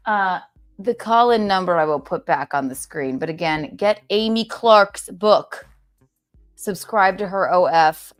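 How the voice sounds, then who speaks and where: A woman's voice: lowish voice, a little slow, faint music behind. A woman hosting a livestream in casual chat, playful and talkative, often restarting her sentences. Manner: chatty and playful, with many restarts. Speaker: livestream host.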